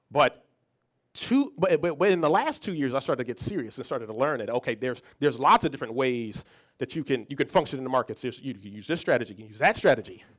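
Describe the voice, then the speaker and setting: A man who is a psychologist, giving a motivational talk as a lively story, often restarting and repeating words. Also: mid-range voice. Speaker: psychologist and speaker.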